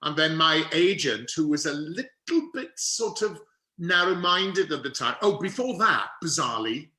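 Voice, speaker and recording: A middle-aged man from Wales telling a lively, theatrical story as an interview guest, with quick asides. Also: on the high side. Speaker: guest actor. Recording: roomy echo.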